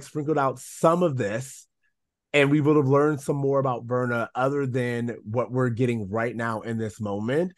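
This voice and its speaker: A man's voice: mid-range voice, a little mellow, dry recording. Opinionated male podcast co-host, dry sound. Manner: opinionated, laughs easily. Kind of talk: casual chat.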